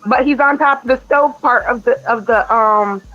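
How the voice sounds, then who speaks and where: A woman's voice: a little high, normal speed, lo-fi sound. A woman hosting a casual chat show, telling stories about her young son and acting out what he said. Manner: animated, acts out her son's quotes. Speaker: podcast host.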